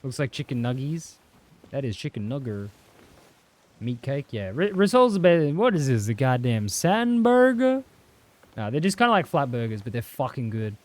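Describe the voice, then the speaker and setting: Brief: young Australian guy, livestream gamer, mid-pitched voice, loose rambling chat full of swearing. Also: sing-song, moderate pace. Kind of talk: casual chat while gaming.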